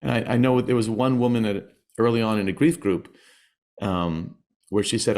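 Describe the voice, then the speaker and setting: A middle-aged man talking as a podcast guest, in a halting way with many restarts and small laughs between words. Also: fairly low pitch, a little mellow. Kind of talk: conversational interview.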